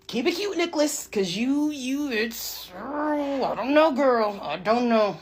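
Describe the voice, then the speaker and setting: Woman, casual reaction commentary, sassy and exasperated, slightly high voice. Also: expressive, measured pace. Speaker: commentator reacting to celebrity news.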